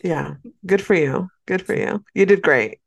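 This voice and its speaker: A woman from California co-hosts a casual podcast and tells her stories with candid, dramatic flair, laughing often. Her voice sits on the low side for a woman. The recording is dry and close. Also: measured pace, creaky, dry recording. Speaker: podcast co-host. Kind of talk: casual chat.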